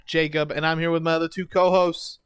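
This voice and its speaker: A man's voice: on the high side, flat delivery, a little fast, fairly bright tone, smooth, no echo. A young man co-hosting a casual podcast, tripping over his words and laughing it off. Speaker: podcast co-host. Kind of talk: casual chat.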